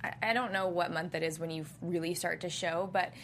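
A woman co-hosting a casual celebrity gossip chat in a relaxed, agreeable way. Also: on the low side, fairly quick. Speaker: co-host. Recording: faint background noise.

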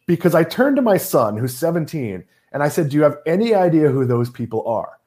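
A man's voice: on the high side, very animated, a little fast, a little mellow. A middle-aged man from Massachusetts hosting a casual chat, joking and opinionated. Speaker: podcast host.

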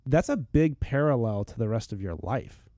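Expressive and dark-toned, this mid-range male voice moves at a moderate pace in a dry, studio-quality recording. He speaks as a fitness expert in podcast conversation, earnest and encouraging, often doubling up words as a thought begins.

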